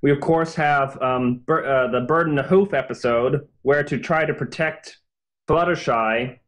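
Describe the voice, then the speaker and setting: A man's voice: mid-range voice, unhurried, a bit bright. A man, a guest author in a casual podcast interview, explaining his reasoning in an earnest, think-aloud way.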